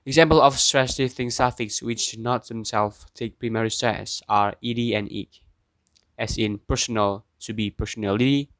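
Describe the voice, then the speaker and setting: A young man with an Indonesian accent reading a student presentation, pausing between example words. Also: medium pitch, fairly bright tone, no echo.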